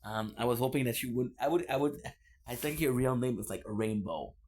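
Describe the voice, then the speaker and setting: A man's voice: medium pitch, brisk, a little mellow. A man streaming live, chatting casually with viewers in a playful, teasing way, often repeating himself. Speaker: live streamer reading chat.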